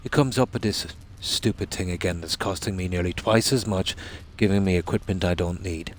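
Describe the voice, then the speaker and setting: Male streamer, deep voice, chatty rambling storyteller, faint ambience behind. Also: normal speed, a little hiss or hum. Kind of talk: casual chat while gaming.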